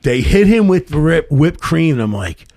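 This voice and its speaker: A man's voice: a little high, big pitch swings, moderate pace, warm tone, no room sound, clean studio sound. A middle-aged man, a stand-up comedian guest, telling rambling, profane anecdotes with many restarts on a casual podcast.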